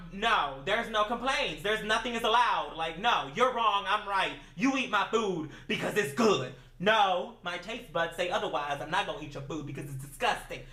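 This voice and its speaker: Sassy, profane woman ranting in a roomy room. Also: on the high side. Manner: sassy, profane, animated retelling. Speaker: vlogger. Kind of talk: casual storytime rant. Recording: roomy echo.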